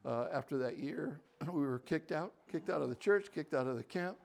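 Older man telling lively stories. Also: a little high, moderate pace, creaky. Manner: lively, swings from quiet asides to loud animated bursts. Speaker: guest speaker. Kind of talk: personal storytelling talk.

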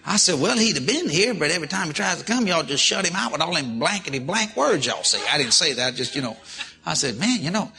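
A man preacher telling a story from the pulpit, animated and breaking into loud shouts of praise. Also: fairly high pitch, fast, vocal fry. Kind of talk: storytelling sermon.

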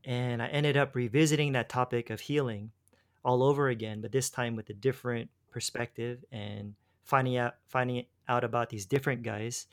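A man's voice: medium pitch, fairly even intonation, normal speed. A man casually recounting a personal faith story in conversation, rambling with restarts and slang like "dude" and "bro". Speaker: guest telling his faith story.

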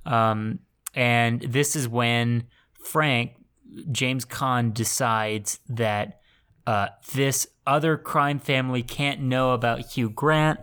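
A man's voice: mid-range voice, bright, forceful tone, smooth. A man co-hosting a podcast, recapping a movie in casual chat with dry sarcasm. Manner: sarcastic, dry, does silly impressions. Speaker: podcast co-host.

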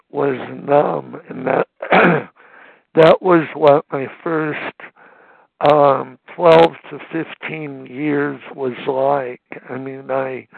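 An older man in his seventies speaks slowly over a tinny phone line, his voice a touch high and gravelly. He tells his own story haltingly, pausing on fillers and starting over. The sound is dry and close. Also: dry recording. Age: 70s. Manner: halting, with many fillers and restarts. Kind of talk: personal testimony at a phone meeting.

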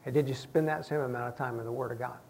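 A man's voice: medium pitch, fairly even intonation, very fast. A man preaching a conversational sermon as pastor to his congregation, acting out the voices of people he quotes. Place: church sanctuary with congregation.

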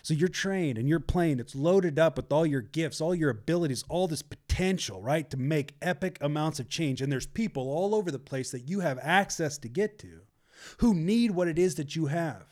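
A man's voice: on the high side, animated, moderate pace, a little mellow. A man telling a story in casual chat, acting out the people he quotes.

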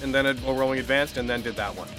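A game master calling hits and damage in a tabletop game, quick to laugh. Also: mid-range voice, loud music behind the voice. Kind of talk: tabletop game narration and rulings.

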